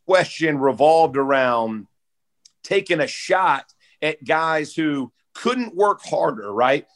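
A man's voice: fairly high pitch, lively intonation, takes it slowly. Laid-back man saying bro and dude. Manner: heartfelt, close to tears. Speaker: guest, former football player. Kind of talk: casual podcast storytelling.

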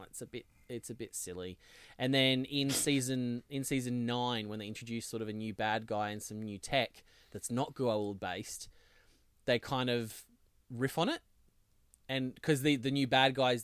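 A man's voice: medium pitch, a bit bright, smooth, no room sound. A man co-hosting a podcast in casual chat, rambling and jokey. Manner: rambling, jokey, drops into silly put-on accents. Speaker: podcast co-host.

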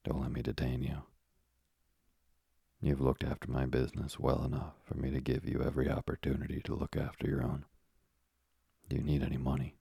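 A man reading the part of a kindly, fatherly middle-aged ship owner in a calm storybook voice. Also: extremely low pitch, fairly quick, gravelly, pauses often, slightly rough, no echo, studio quality, heavily acted. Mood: genial.

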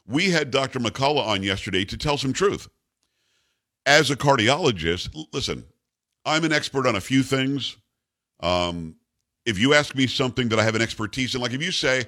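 A man's voice: mid-range voice, lively intonation, normal speed, pushed and bright. A man hosting a talk radio show, rambling and jokey, chatting casually with his co-host. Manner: rambling, jokey, self-congratulating.

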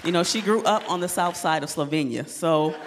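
A woman comedian performing a stand-up set, animated and laughing at her own jokes, on a club stage mic. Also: on the low side, a little fast, long reverb tail, some chatter behind, slight background noise.

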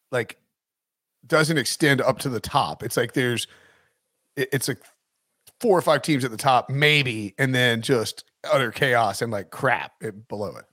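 A man hosting a sports podcast, thinking aloud as he chats about betting odds. He rambles and keeps restarting his sentences. His voice sits in a middle pitch, and the recording is close and dry. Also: fairly bright tone, no room sound. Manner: rambling, many restarts and fillers. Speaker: podcast host. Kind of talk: casual sports betting chat.

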